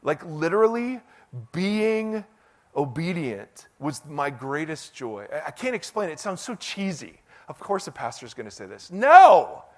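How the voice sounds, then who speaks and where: Male pastor, middle-aged, high voice, casual self-mocking sermon delivery. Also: normal speed. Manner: conversational, self-deprecating, animated preaching.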